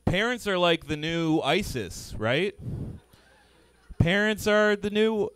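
A man doing a stand-up comedy set on stage before a live audience, manic and swinging from low mumbling to yelling. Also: lively intonation, takes it slowly, clean tone.

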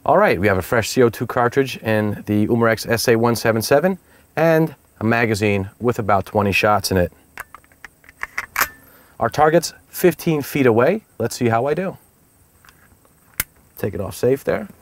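A man's voice: mid-range voice, lively intonation, moderate pace, pauses often, a little hiss or hum. A man hosting a product review, talking casually and upbeat as he explains each step of a demonstration outdoors.

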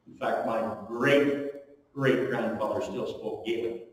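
A pastor from eastern Ontario, Canada, delivers a storytelling sermon in a church hall, captured by a distant mic with a long, booming echo. His middle-pitched voice moves slowly, swinging between loud, emphatic lines and hushed ones with strong rises and drops in pitch and volume.

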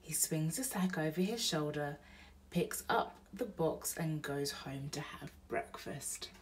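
A mother reading a bedtime storybook aloud to her baby in a slow, gentle pace. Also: low-pitched, animated, recorded from a distance, a little hiss or hum.

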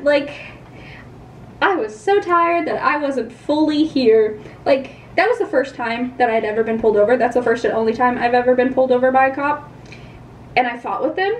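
A woman's voice: high voice, normal speed, reverberant, recorded from a distance, slight background noise. A young woman telling a casual, rambling storytime about her own life in a chatty, self-deprecating way. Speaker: vlogger.

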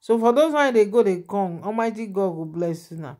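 A woman's voice: mid-range voice, lively intonation, brisk, warm tone. A woman with a Nigerian accent hosting her own channel, chatting casually and animatedly as she shares celebrity gossip and laughs often.

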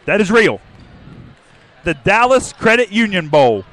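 An upbeat man with a fairly high voice co-hosts a fan sports podcast. He runs the pregame segments in an announcer-like way and spells numbers out slowly and carefully. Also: big pitch swings, a bit bright. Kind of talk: pregame sports broadcast banter.

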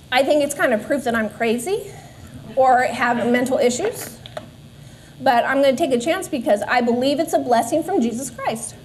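A woman's voice: high-pitched, a little hiss or hum. A woman in her forties telling a personal faith testimony to a church group, earnest with self-deprecating asides. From Southern California. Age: 40s. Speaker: Sunday school speaker. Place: church classroom.

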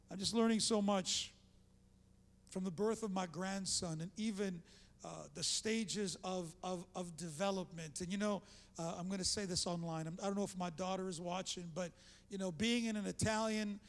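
An older male pastor with a strikingly high voice delivers a fervent sermon. He stumbles and restarts mid-sentence and keeps calling out to the congregation. His voice rings with the long reverb of a big church hall. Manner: fervent preaching with congregation call-outs and frequent restarts. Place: church sanctuary.

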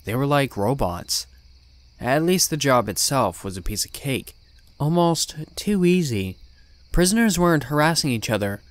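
A man's voice: medium pitch, very animated, moderate pace, no room sound. A man reading a first-person horror story in a blunt, swearing, tough-guy voice. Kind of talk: scripted horror narration.

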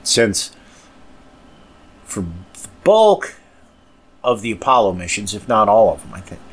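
A man's voice: lowish voice, big pitch swings, unhurried, husky. Rambling, crude-talking male podcast host. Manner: rambling, crude, with mumbled asides. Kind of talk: casual rambling podcast talk.

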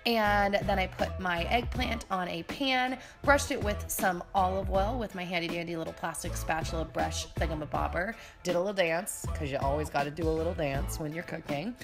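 A woman's voice: lowish voice, normal speed, hardly any pauses, music in the background. A woman vlogger talking in a bubbly, upbeat, chatty way as she walks through a cooking video in her new, mostly empty kitchen. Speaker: lifestyle vlogger. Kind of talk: casual cooking vlog talk.

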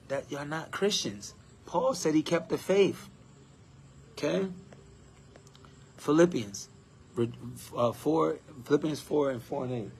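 Male preacher, mid-pitched voice, teaching and questioning the congregation, faint hiss behind. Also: lively intonation, unhurried, creaky, a little mellow. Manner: defines words one by one, asks the crowd questions, mimics complainers in a higher voice. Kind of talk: sermon.

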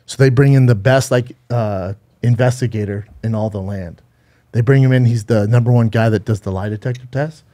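A man's voice: mid-range voice, fairly quick, dark tone. A man co-hosting a podcast, telling a true-crime story in a rambling, profane way with frequent restarts. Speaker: podcast co-host. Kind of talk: casual storytelling chat.

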